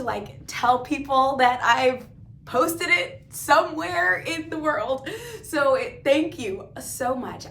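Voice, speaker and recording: A woman's voice: on the high side, a bit bright, a little hiss or hum. A young adult woman hosting an interview show, effusive and gushing, laughing a lot, heavily pregnant. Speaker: host. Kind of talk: casual interview chat.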